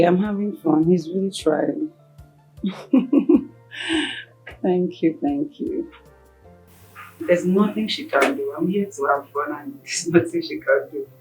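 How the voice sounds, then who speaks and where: An actress playing a defiant, taunting young mistress in a Nollywood film. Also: female voice, on the low side, mellow, soft background music, low-quality recording. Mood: cocky. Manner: slow, cool, taunting.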